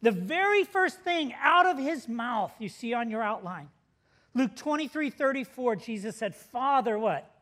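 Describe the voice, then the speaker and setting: A middle-aged pastor preaching to his congregation in a high, bright voice. He tells a story, laughs along with it and shouts out the quoted lines. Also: sing-song, normal speed. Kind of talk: sermon.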